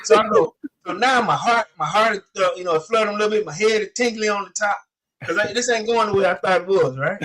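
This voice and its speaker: A man in his forties telling a story in casual chat, animated, acting out the quotes with many fillers. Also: high-pitched, fast. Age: 40s. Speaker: podcast co-host.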